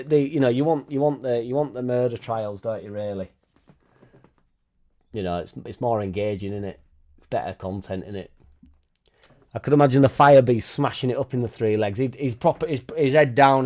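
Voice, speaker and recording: A man's voice: medium pitch, warm tone. A man hosting a casual live stream, reading out chat and swearing freely as he talks. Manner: swears freely, chatty, tag questions like innit. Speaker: fan channel host reading live chat.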